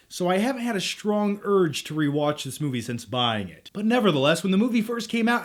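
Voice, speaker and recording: A young man hosting a casual to-camera film review, chatty and jokey with quick asides. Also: high-pitched. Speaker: movie reviewer, channel host.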